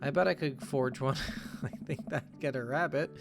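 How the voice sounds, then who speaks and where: A man's voice: mid-range voice, normal speed, vocal fry, background noise, lightly acted. A man voicing an eager teenage girl about to leave for college, with game music playing behind. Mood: excited. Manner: bubbly and excited.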